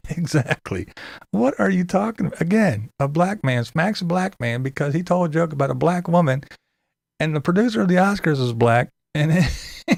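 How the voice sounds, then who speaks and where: Profane guy hosting a chat show, laughs a lot, gravelly voice, dry close sound. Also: a little high, no room sound. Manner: profane, laughs often, incredulous. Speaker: commentary show host. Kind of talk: casual commentary to a live chat.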